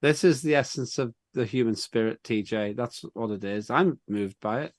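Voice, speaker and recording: A man's voice: medium pitch, moderate pace, dry recording. A man chairing an online parliament meeting, who speaks in an earnest, reflective and encouraging way.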